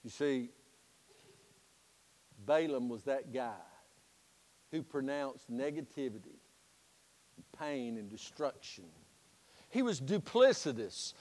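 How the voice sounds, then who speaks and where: A man preaching a sermon as pastor, telling a folksy story in an animated storytelling manner. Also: mid-range voice, takes it slowly, long pauses, in a large hall. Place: church sanctuary.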